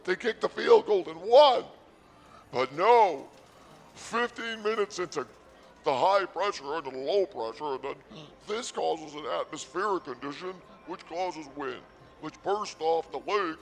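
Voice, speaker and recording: A man's voice: a little high, animated, unhurried, creaky. A man hosting a comedy podcast, rambling sarcastically and mock-boastfully about his day at a casino.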